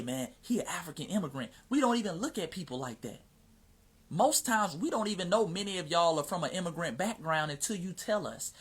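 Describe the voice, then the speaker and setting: An American livestream host rants and answers questions in casual talk. His husky voice sits high with a fairly bright tone, and his speech is emphatic and slangy, punctuated often by "you see what I'm saying."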